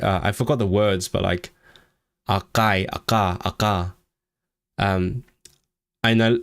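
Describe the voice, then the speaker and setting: A man's voice: lowish voice, no room sound, studio quality. A man chatting casually on a livestream, rambling and restarting his sentences with repeated words. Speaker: language-learning streamer.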